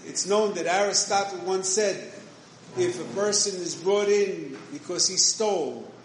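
In a very echoey room with faint background noise, a man delivers a casual yeshivish Torah shiur at a measured pace in a high voice. He often restarts his sentences and sprinkles in Hebrew and Yiddish terms.

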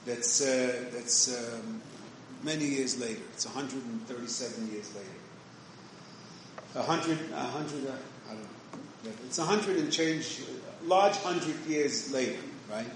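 This Torah lecture is a conversational yeshivish shiur, given by a man with a medium-pitched, unhurried voice. He restarts often and uses plenty of Hebrew and Yiddish words, and the recording is very echoey with faint noise.

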